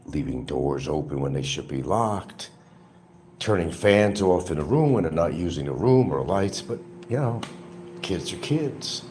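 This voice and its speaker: Very deep-voiced older man rambling. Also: big pitch swings, unhurried, a little mellow, slight background noise. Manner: opinionated, drifting, talks to viewers. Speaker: livestream host. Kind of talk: rambling casual monologue.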